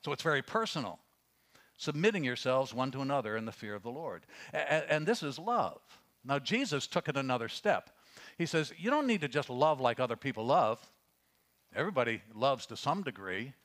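A pastor preaching a sermon, reading scripture and telling stories, dropping to a hush and then rising for emphasis. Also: male voice, medium pitch, animated, brisk. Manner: earnest preaching, swings from hushed storytelling to raised emphasis; reads scripture aloud, with fillers and restarts.

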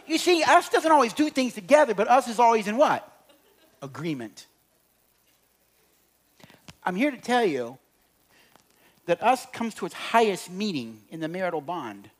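A middle-aged man speaking to an audience about relationships, telling humorous stories and swinging between loud and quiet. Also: high-pitched, sing-song, normal speed, long pauses. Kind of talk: humorous storytelling talk to an audience.

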